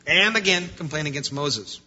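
Man, pastor preaching, bright husky voice, dull lo-fi recording. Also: fairly high pitch, animated, normal speed. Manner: preaching, swings between loud and quiet. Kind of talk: sermon. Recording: lo-fi muffled sound.

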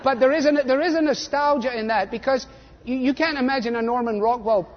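An older man preaching a sermon, animated and sarcastic, mimicking voices to make his points. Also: very high voice, brisk, some chatter behind, a little hiss or hum. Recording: dull lo-fi audio in a reverberant hall.

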